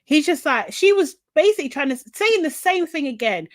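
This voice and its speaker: A woman co-hosting a podcast, recapping a TV show in animated casual chat, quoting people and swearing. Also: high voice, normal speed, hardly any pauses, no echo. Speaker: podcast co-host.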